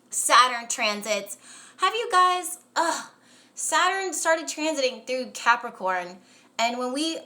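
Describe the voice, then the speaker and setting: Chatty astrology lady on a live stream, kinda high bright voice, says like a lot, gets all worked up. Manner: chatty and animated, many "like"s, laughs often, rants emphatically. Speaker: astrologer hosting a live chat. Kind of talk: casual live-stream chat. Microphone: phone or webcam on a live stream.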